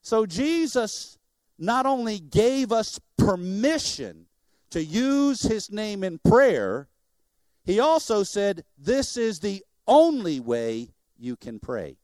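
A middle-aged man, a missionary preacher, giving an animated sermon in church and joking with the congregation. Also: sits high, slow pace, no echo, clean studio sound.

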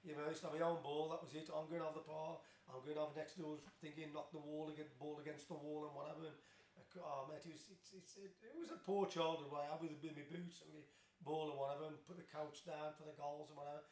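A man's voice: a little high, steady tone, fast talker, darkish tone, slight background noise. A man in his fifties with a Black Country accent from Tipton, telling rambling stories as a podcast guest, with lots of restarts and laughter. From Tipton, West Midlands of England. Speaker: guest, former footballer. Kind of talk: casual storytelling interview. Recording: roomy echo.

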